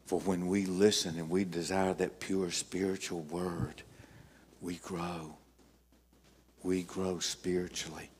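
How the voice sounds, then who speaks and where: An older man preaching a sermon as pastor, emphatic, telling stories with dramatic pauses. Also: low voice, level tone, a little mellow, slightly rough.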